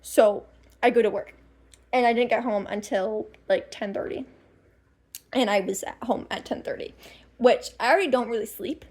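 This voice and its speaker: A woman's voice: on the high side, moderate pace, pauses often, a little mellow. A young woman in her late teens telling a rambling storytime vlog, laughing often and swearing casually. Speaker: vlogger.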